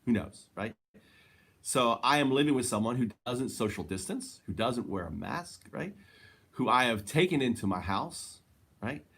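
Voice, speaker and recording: A man talks on camera from inside his home in a loose, wandering monologue. He chuckles between thoughts and keeps checking in with the viewer with "right?" His voice sits at an ordinary middle pitch. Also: animated, moderate pace, a bit bright, breathy edge. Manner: laughs often, tags lines with "right?". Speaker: vlogger. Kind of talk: rambling casual monologue. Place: his own house, indoors. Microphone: handheld camera.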